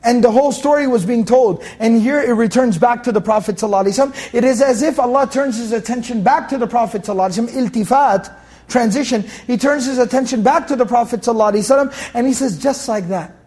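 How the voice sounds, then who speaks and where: High-voiced man teaching Quran commentary. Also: rapid-fire, darkish tone. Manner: casual, conversational explanation with Arabic recitation; acts out scripture dialogue in shifting voices.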